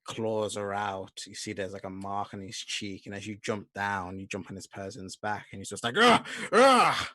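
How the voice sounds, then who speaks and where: Bright-voiced man running a tabletop game. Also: level tone, dry recording. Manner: measured narration, soft and low. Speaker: game master.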